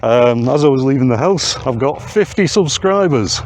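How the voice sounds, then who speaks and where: A man talking casually to camera while out on open moorland, chatty and halting with frequent fillers. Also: mid-range voice, animated, a little mellow. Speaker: host of a wild camping channel. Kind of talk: casual vlog narration to camera. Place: outdoors on open moorland hills. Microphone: handheld camera mic. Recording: outdoor camera audio with clear noise.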